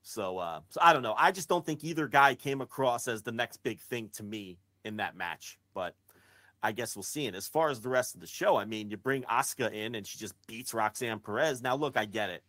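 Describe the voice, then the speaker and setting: A man's voice: medium pitch, expressive, a little fast, a bit bright. A man co-hosting a wrestling podcast, talking bluntly and at length in casual, profane chat with frequent restarts.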